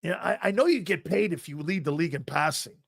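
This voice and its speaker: Bright-voiced, emphatic sports talk host. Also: male voice, on the high side, animated, quick pace, creaky. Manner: emphatic, argumentative, repeats himself while building a point. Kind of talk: opinionated sports talk on a live stream.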